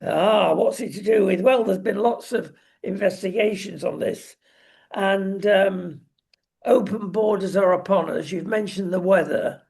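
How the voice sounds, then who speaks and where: A man with a very gravelly, husky voice gives opinionated commentary. He talks slowly and deliberately, with a sardonic, emphatic delivery. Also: sits high, a little mellow. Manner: slow, emphatic, sardonic, with frequent ums. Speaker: political commentary show co-host.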